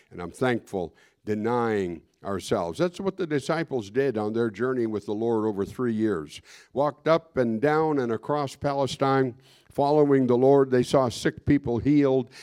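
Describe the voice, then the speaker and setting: A male pastor preaching a fervent sermon. He keeps breaking in with "praise God" and swings from raised, emphatic lines to soft, low asides.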